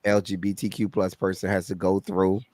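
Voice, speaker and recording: A man's voice: deep voice, completely flat delivery, normal speed, a little mellow, dry recording, clean studio sound. A man from Miami with a Miami accent, a guest reviewer in a casual movie discussion, earnest and reflective, often restarting his sentences. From Miami, Florida.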